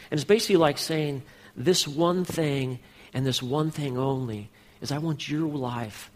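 A man's voice: medium pitch, in a large hall. A man pastor preaching a sermon, speaking earnestly and directly to his congregation.

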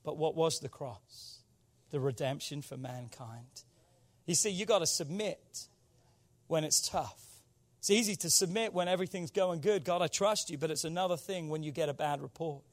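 A man preaching a sermon as pastor, with call-and-response that swings between loud exhortation and quiet intensity. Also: a little high, moderate pace.

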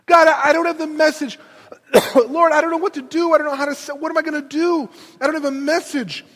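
A man's voice: extremely high pitch, steady tone, a little fast, a bit bright, pitched above the performer's own voice. A man voicing an anxious, stammering Moses who pleads with God, heard with long hall reverb. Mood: pleading, flustered.

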